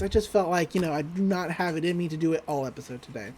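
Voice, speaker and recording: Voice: mid-range voice, fast, a little mellow, a little hiss or hum. A podcast host recapping a cartoon episode in a casual, rambling, amused way.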